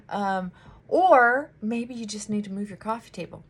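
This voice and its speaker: A woman therapist chatting casually while doing her makeup, animated and acting out her clients' voices. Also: medium pitch, moderate pace, a little hiss or hum.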